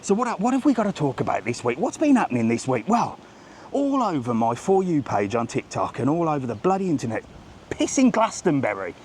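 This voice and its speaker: A man hosts a live walking vlog along a seaside strip, chatting and joking with strangers as he passes. His voice sits a little high and swings widely in pitch. He talks into a handheld phone camera, with faint street noise behind him. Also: very animated, fairly quick, a little mellow. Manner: chatty, jokey, greets passersby. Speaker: travel vlogger.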